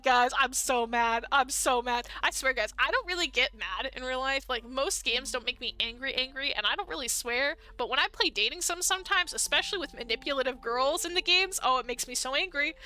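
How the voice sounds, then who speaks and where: A woman streamer commenting on a dating game, excitable and mock-furious. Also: sits high, a little fast, hardly any pauses.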